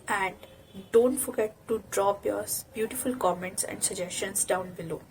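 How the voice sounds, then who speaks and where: A young woman with an Indian English accent, teaching pronunciation and stressing each target word loudly and patiently. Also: medium pitch, moderate pace, slight background noise, poor audio. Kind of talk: pronunciation lesson to camera.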